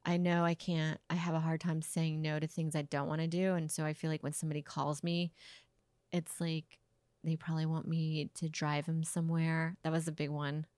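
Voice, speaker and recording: A woman's voice: sits low, flat delivery, moderate pace, a little mellow, no room sound. A woman comedian chatting casually as a podcast guest in a hotel room, with wry, dry one-liners. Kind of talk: casual chat.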